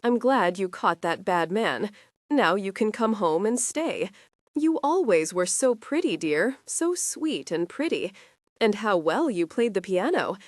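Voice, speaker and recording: A woman's voice: mid-range voice, very animated, measured pace, no room sound, clean studio sound. A woman reading the part of a confused, doting older mother who rambles fondly about her daughter. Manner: gushing, rambling.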